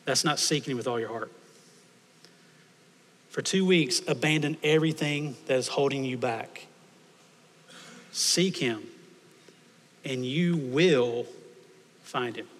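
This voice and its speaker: A man's voice: medium pitch, slow pace, long pauses, a bit bright. A man preaching a sermon, emphatic and repeating phrases for stress. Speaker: pastor. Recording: long hall reverb.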